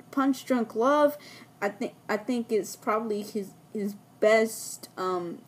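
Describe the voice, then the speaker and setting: A woman's voice: fairly high pitch, a bit bright. A woman giving a casual spoken film review, enthusiastic and rambling with frequent restarts, her voice worn as if she is losing it.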